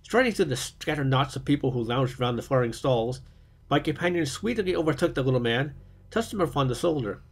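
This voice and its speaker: Husky guy reading a story out loud, steady, trips on words sometimes. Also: mid-range voice, brisk. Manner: steady reading with small slips. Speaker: reader.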